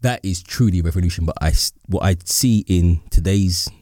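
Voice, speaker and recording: A male podcast host with a very deep, mellow voice speaks reflectively, pausing and repeating words as he thinks. The sound is dry and close. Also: dry recording. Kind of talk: casual podcast conversation.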